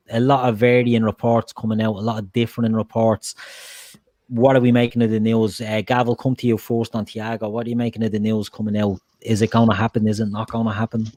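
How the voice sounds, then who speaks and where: An Irish man hosts a relaxed podcast conversation, leading the others through topics and swearing freely. His voice sits fairly low. The sound is dry and close, with no room around it. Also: dry recording. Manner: steers the talk, swears casually. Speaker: podcast host. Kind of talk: casual podcast chat.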